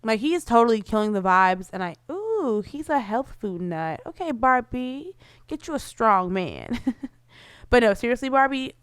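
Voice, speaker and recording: A woman with a highish, sing-song, clean voice chats at a moderate pace over her life-simulation gameplay. Her commentary is casual, bubbly, and packed with "like" fillers, captured in dry, clean studio sound.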